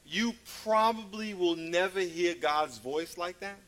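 Male preacher, high voice, playful storyteller, swings from loud to hushed. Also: unhurried. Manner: storytelling, playful, laughs at his own stories; sudden loud calls and drops to a hush. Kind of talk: sermon.

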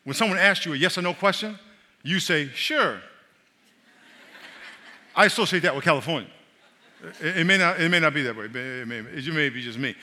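A middle-aged male pastor preaching a sermon, animated and repetitive, often checking that his congregation is following along. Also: fairly high pitch, fast talker. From New York. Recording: long reverb of a large hall.

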